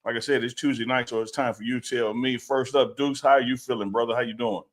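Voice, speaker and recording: A man co-hosting a live sports talk stream, animated and exclamatory. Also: mid-range voice, fairly quick. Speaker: co-host of a sports talk show.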